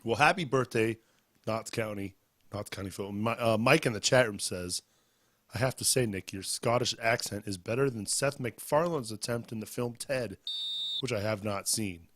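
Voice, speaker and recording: A man's voice: lowish voice, moderate pace, a bit bright. A man with a sore throat hosting a sports podcast, chatting casually and reading plugs in an announcer-like way. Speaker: podcast host.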